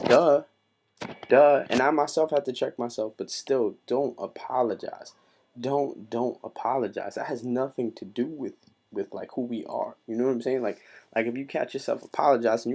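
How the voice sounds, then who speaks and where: A man's voice: fairly low pitch, creaky, slightly rough. A man talking straight to camera in a casual vlog, impassioned and emphatic, repeating himself as he makes his point. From Mexico. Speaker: vlogger.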